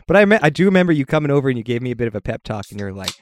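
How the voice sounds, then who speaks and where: A man chatting casually on a podcast, soft-spoken and chuckling as he talks. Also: mid-range voice, very animated, quick pace, dry recording. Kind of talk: casual chat.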